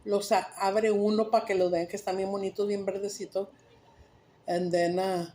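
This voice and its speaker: A woman vlogger casually telling a joke in a rambling, animated way and correcting herself as she goes. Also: medium pitch, moderate pace, a little hiss or hum. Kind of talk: casual storytelling.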